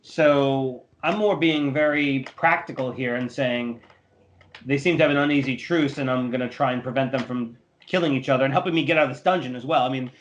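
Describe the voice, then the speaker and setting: A man's voice: medium pitch, fairly quick, dull audio, a little hiss or hum. A man playing in a tabletop game, chatting casually and thoughtfully, laughing often. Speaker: player.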